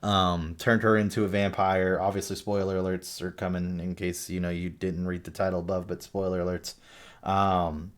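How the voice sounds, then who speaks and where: Rambling, low-voiced man reviewing a film. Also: level tone, normal speed. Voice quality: rambling, swears casually, many fillers. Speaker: movie reviewer. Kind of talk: casual spoken film review.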